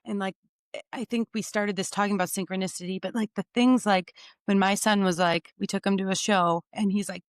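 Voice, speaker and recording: Woman podcast host, mid pitch, smooth clear tone, earnest and upbeat. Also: fairly even intonation, dry recording, studio quality. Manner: upbeat, earnest, talks in quick bursts. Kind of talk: casual chat.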